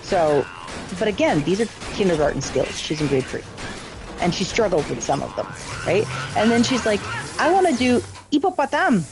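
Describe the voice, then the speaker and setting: A middle-aged woman chatting casually with friends while playing a game, telling stories in a lively, chatty way. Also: fairly low pitch, normal speed, vocal fry, over music. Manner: chatty storytelling, lively retelling of exchanges. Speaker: parent and gamer. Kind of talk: casual chat while gaming.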